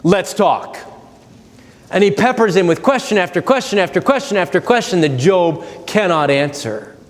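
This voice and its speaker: Pastor guy preaching, kinda high voice, big church echo, gets loud then drops to almost a whisper. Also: lively intonation, fairly quick. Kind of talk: sermon. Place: church sanctuary.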